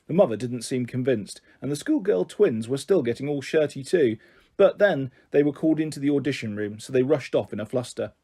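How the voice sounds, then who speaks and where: A man reading a children's novel aloud in a gentle first-person narration. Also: mid-range voice, expressive, a little fast, slightly rough. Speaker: storyteller.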